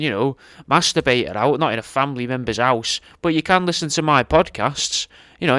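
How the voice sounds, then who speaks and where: A man's voice: fairly high pitch, a bit bright, clean tone, no room sound, clean studio sound. A man hosting his podcast, chatting laid-back between clips and plugging his own offers. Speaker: podcast host. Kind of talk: casual podcast chat.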